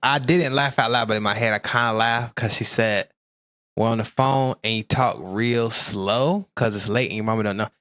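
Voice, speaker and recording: A man's voice: mid-range voice, moderate pace, a bit bright. A man with a Southern US accent, co-hosting a casual music reaction chat with easygoing, drawling asides. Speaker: reaction video co-host.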